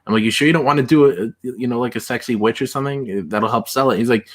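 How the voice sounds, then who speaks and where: A man's voice: medium pitch, quick pace. A man hosting a casual livestream, chatting loosely with many fillers and restarts. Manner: rambling, lots of fillers and restarts. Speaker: livestream host.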